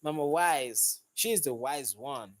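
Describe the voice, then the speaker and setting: A man's voice: a little high, animated, slow. A man with a slightly raised voice hosts a casual live stream about cars. He sounds upbeat and chatty as he welcomes viewers by name, talking into a phone he holds in one hand. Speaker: mechanic hosting a live stream. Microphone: phone held in hand.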